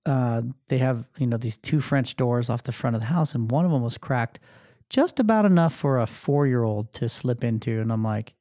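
Casual male storyteller, thirties, warm and mellow, dry close sound. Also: mid-range voice, moderate pace, no room sound. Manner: animated, acts out voices, many fillers. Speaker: podcast host telling a story.

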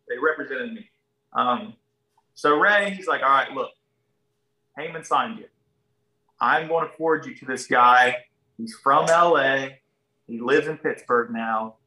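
A man in his thirties from Ohio, USA, appears as a podcast guest, casually telling a folksy, animated story and acting out the other people's lines. His voice is mid-range, and the rough recording sounds roomy and distant.

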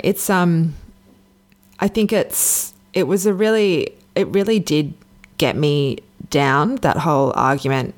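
Low-voiced Australian woman telling a personal story. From Sydney, Australia. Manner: candid, chatty, prone to digressions. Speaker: podcast host. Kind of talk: solo podcast storytelling.

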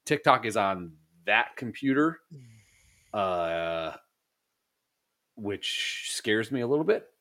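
A man's voice: fairly low pitch, expressive, slow pace, pauses often, fairly bright tone. A man co-hosting a podcast in casual, crude, joking chat that rambles. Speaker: podcast co-host.

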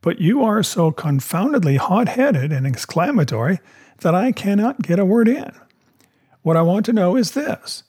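A man voicing a calm, shrewd country doctor in a storybook reading, measured and dry, with a husky voice. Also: high voice, pitched above the performer's own voice, exaggerated voice. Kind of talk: audiobook character voice.

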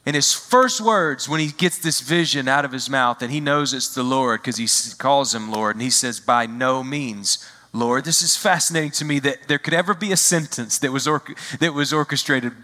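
A man preaching a sermon as a visiting pastor, expressive, acting out quoted lines and slowing down to stress key phrases. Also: mid-range voice, long reverb tail.

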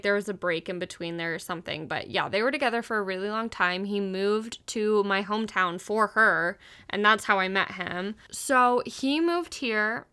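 A woman's voice: mid-range voice, pushed and bright, smooth. A young woman hosting a podcast, telling a personal story in a candid, chatty way and swearing freely. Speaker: podcast host. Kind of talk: casual confessional storytelling.

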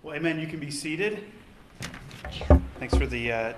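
Higher-voiced male pastor preaching. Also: a little slow, very noisy. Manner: conversational, storytelling preacher. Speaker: lead pastor. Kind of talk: sermon.

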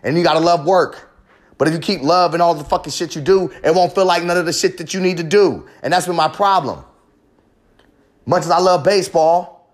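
A man hosting a podcast, delivering a raw, profane, rambling confessional monologue with real passion. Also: high voice. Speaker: podcast host.

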